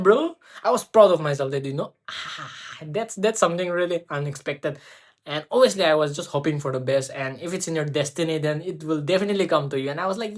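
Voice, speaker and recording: A young woman tells a personal story, rambling with many fillers and restarts. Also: sits low. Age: young adult.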